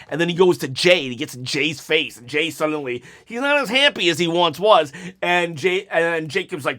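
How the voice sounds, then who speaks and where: A man casually recapping a wrestling show in a one-take vlog, animated and rambling, with asides where he acts out the wrestlers' lines. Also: fairly high pitch, a little fast. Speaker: wrestling commentary youtuber.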